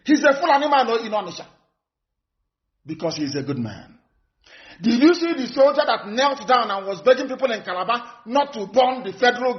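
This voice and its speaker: A man's voice: extremely high pitch, highs cut off. A man with a Nigerian accent giving an impassioned, scornful broadcast speech as a political activist, repeating phrases for emphasis.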